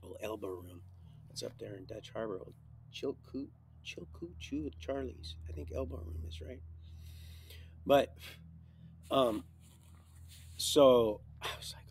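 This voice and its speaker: A man's voice: mid-range voice, animated, unhurried, vocal fry, long pauses, a little hiss or hum. Rambling man telling a life story. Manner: rambling, swings between loud bursts and quiet mutters. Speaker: livestream storyteller. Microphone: streaming mic.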